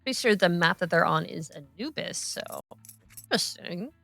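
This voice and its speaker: A woman with a low but bright, forceful voice calls a live esports match. She is chatty and laughs easily with her co-caster. The sound is close and dry. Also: expressive, normal speed, creaky, no echo, soft background music. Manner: giggly, chatty color commentary.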